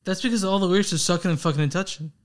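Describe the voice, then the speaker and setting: Brief: young male co-host, a little high-voiced, rambles and curses in loose music chat. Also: racing. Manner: rambling, swearing, self-deprecating. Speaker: podcast co-host. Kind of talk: casual chat.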